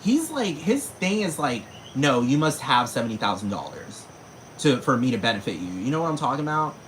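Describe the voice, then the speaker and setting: A man's voice: mid-range voice, very animated, brisk, fairly bright tone, a little hiss or hum, low-quality recording. A man ranting casually to camera, slangy and profane, with sudden dramatic jumps in his voice. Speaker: vlogger.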